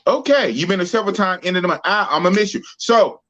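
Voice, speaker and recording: A man from Oakland, California, hosts a podcast with slangy, playful casual chat. His voice sits notably high. The stream audio is dull and muffled. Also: expressive, quick pace, a bit bright. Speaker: podcast host.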